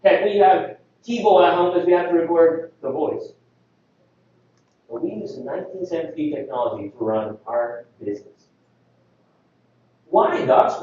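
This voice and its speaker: A man giving an energetic conference presentation, firing rhetorical questions at the audience. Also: sits high, measured pace, pauses often. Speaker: conference speaker. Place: conference hall. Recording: echoey hall, distant mic, dull.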